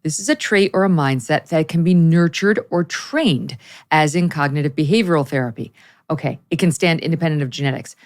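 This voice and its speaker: A middle-aged woman with a somewhat low voice hosts a relaxed interview. She talks in a chatty, animated way and slips into the voices of the people in her stories. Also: fairly quick. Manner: lively storyteller who acts out quoted voices. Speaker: podcast host. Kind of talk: casual interview chat.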